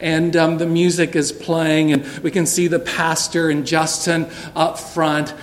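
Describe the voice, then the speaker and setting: A middle-aged man, preaching a sermon in a church sanctuary, telling a personal story earnestly and dropping soft and low for tender moments. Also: flat delivery, unhurried. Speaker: pastor.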